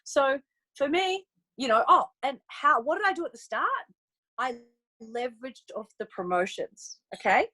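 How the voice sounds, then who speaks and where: A young adult woman with a high voice speaks at a moderate pace over poor audio, giving her sales team a casual, upbeat training talk on a network marketing call. Bubbly and animated, she acts out chats with prospects in upbeat voices as she coaches.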